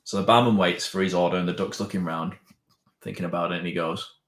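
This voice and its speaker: A man's voice: low-pitched, steady tone, fast, slight background noise. A man co-hosting a live stream, laughing often and acting out the voices as he tells a long joke. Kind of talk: casual chat, telling jokes. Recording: echoey room.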